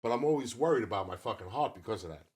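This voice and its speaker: A man's voice: lowish voice, expressive, very fast, darkish tone, breathy edge. A man in his fifties co-hosting a podcast, telling a long story in casual chat and swearing freely. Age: 50s. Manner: profane, rambling storyteller. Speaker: podcast co-host.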